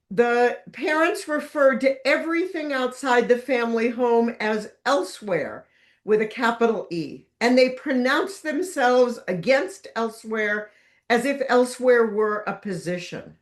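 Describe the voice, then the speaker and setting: Woman author giving a slide talk: unhurried, a touch high-pitched, wry and emphatic. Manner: lively, wry storytelling with emphatic stresses. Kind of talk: illustrated lecture with slides.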